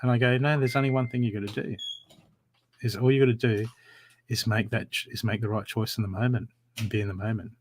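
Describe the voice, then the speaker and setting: A man giving live psychic readings from home, talking in an animated, encouraging way with a lot of repetition. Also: lowish voice, quick pace, a little hiss or hum. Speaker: psychic reader. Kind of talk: live-streamed spiritual reading.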